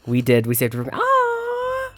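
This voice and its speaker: A streamer at the computer gives casual live commentary on a game, chatty and reactive, laughing and talking to chat. The voice is medium-pitched with lively intonation at a moderate pace, and quiet game music plays behind.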